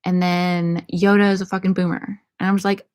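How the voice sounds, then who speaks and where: A woman's voice: lowish voice, flat delivery, fairly quick, a little mellow, smooth. A young woman in casual Q&A chat, answering viewer questions with irreverent, profane, laughing banter. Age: young adult.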